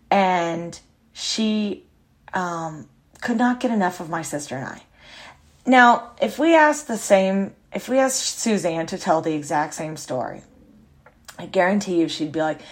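Brief: woman, lowish voice, casual podcast storyteller, self-deprecating. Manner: chatty, self-mocking, quick asides. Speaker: podcast host.

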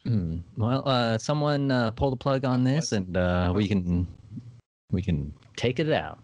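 A man's voice: mid-range voice, expressive, measured pace, a little mellow, no echo. A man co-hosting a podcast in casual chat, laughing often and trailing off into fillers. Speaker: podcast co-host.

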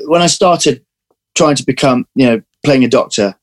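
A man, an actor, chatting in an interview, telling lively stories and restarting his sentences often. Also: mid-range voice, normal speed. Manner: animated storyteller, restarts often. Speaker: actor guest. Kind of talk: casual interview chat.

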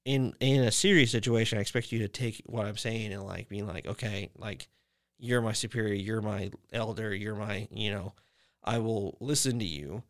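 A man's voice: on the low side, moderate pace, fairly bright tone. A young man hosting a podcast, talking about his faith in a rambling way, full of fillers and restarts. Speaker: podcast host. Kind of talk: casual faith chat.

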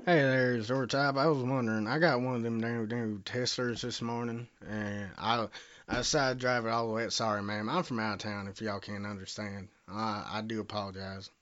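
A man's voice: fairly low pitch, steady tone, normal speed, a bit bright, muffled recording. Rambling Southern man on a prank call. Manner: bumbling, rambling, profane. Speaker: prank caller.

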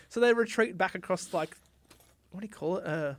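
A woman's voice: lowish voice, normal speed. A woman chatting casually, retelling a film scene by scene and laughing often as she acts out quotes.

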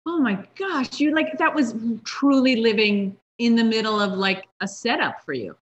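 A middle-aged woman hosting a casual interview in a kitchen, friendly and quick to laugh along. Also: a little high, expressive. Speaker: podcast host. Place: home kitchen. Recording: dull lo-fi sound.

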